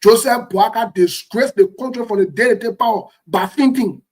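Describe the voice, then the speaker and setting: A man with a Liberian English accent, co-hosting a talk show and giving heated political commentary in a forceful, repetitive, defiant way. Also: sits high, moderate pace, breathy edge. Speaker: co-host.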